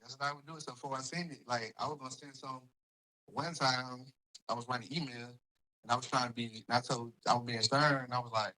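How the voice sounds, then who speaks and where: A man's voice: mid-range voice, steady tone, quick pace, pushed and bright, low-quality recording. A man on as a guest, telling a story in casual chat.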